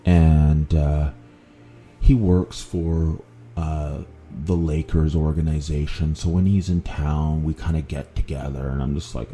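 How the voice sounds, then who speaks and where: A man with a strikingly deep, gravelly voice tells a personal story in a loose, rambling way, full of fillers and restarts. His tone is very dark and low, with faint music under the talk. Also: fairly even intonation, measured pace. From Vancouver. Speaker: podcast host.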